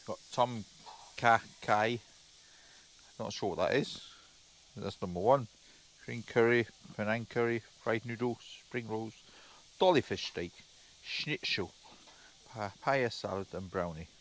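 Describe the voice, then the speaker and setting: A man with a fairly low pitch talks a little slowly with long pauses, and a slight hiss or hum can be heard. He's a travel vlogger narrating casually as he walks around a roadside café, partly outdoors, rambling, stumbling over words and repeating them.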